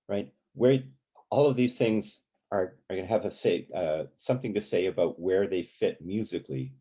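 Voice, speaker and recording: A man leading a community songwriting workshop, talking in a relaxed, halting way with many ums and sung examples. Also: low voice, breathy edge, dull audio. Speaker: songwriting teacher.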